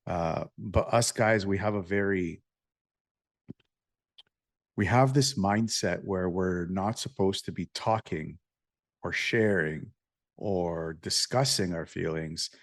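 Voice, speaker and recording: A man's voice: low-pitched, takes it slowly, pauses often, dry recording, studio quality. A man hosting a casual interview, laid-back and joking as he asks open questions. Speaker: podcast host.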